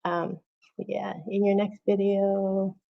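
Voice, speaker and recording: A woman's voice: medium pitch, level tone, slow pace, creaky. A woman hosting her own livestream from home, chatting casually and directly with her viewers. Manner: chatty, talks straight to viewers as "y'all". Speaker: channel host. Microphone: phone or webcam on a livestream. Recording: dull, lo-fi livestream audio.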